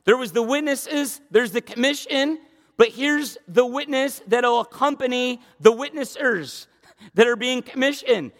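A man preaching a sermon with emphatic repetition, rushing through asides and slowing down to proclaim key lines. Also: very high-pitched, long reverb tail.

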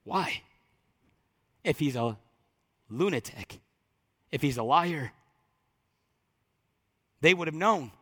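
A male pastor delivers a fervent sermon in a high, bright voice. He pushes hard on key lines, then drops to quiet, slow passages. A long reverb hangs behind him as in a large hall. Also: lively intonation. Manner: impassioned preaching that swings from loud to hushed.

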